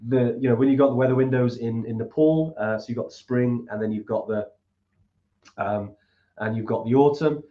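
A man's voice: medium pitch, a little fast, dull audio. A man hosting a trekking trip talk, giving loose, friendly advice with many fillers. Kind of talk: casual chat and travel advice.

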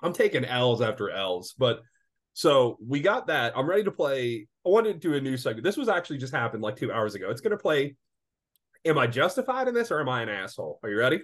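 A man in his late twenties, sick and a bit congested, co-hosting a casual podcast with animated, profane storytelling. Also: mid-range voice, fairly quick. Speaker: podcast co-host. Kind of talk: casual chat.

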